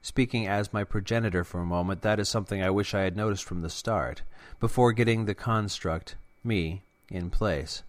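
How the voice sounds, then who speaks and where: A man gives voice to a grave, middle-aged guardian construct, speaking in low, measured, formal sentences. It sits close and dry in the recording. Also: no room sound, natural voice.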